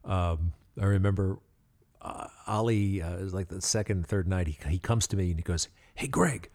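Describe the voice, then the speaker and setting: A man hosting a podcast, telling a story casually and haltingly with many fillers and small laughs. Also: sits low, fairly even intonation, a little mellow. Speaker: podcast host.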